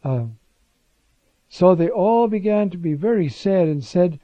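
A man's voice: high voice, expressive, unhurried, mellow, dry recording. A man teaching scripture in a conversational sermon, with informal asides and restarts, on a dull lo-fi recording.

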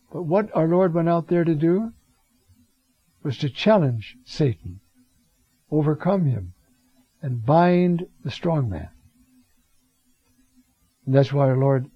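Unhurried man teaching scripture, dull lo-fi sound. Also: on the high side, husky, no echo. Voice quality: reads Greek phrases aloud and acts out quoted voices. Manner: unhurried, conversational, with many fillers and restarts. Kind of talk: bible teaching talk. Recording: dull lo-fi recording.

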